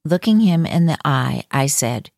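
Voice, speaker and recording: A woman reading a first-person account aloud as scripted narration, in a calm, measured way. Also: low-pitched, gravelly, no echo, clean studio sound.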